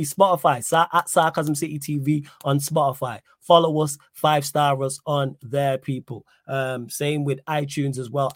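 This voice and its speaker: A young man hosting a casual live-stream podcast, lively and slangy as he answers the chat. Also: medium pitch. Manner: animated, reads chat aloud, slangy. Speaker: podcast host.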